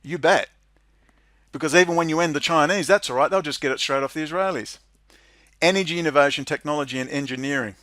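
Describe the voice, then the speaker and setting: A man's voice: a little high, fast, dry recording. Sarcastic man ranting from a dry room. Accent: Australian. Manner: sarcastic, mocking, swings into loud incredulous laughter. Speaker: political commentator. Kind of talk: monologue reading and commenting on legislation.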